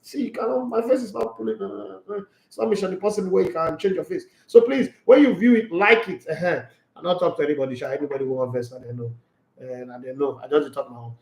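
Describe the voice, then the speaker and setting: Animated Nigerian man reading chat. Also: on the high side, fast talker, creaky, echoey room. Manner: animated, banters while reading viewer comments aloud. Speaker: sports channel host. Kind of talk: casual live-stream chat.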